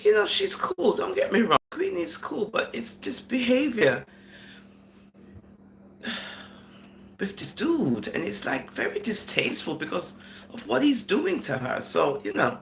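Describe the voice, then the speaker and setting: Giggly woman with a gravelly, lively voice. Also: on the high side, measured pace, long pauses, slight background noise. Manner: giggly, laughs between sentences; slips into Caribbean-style phrasing. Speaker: vlogger. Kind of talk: casual commentary vlog. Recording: echoey room.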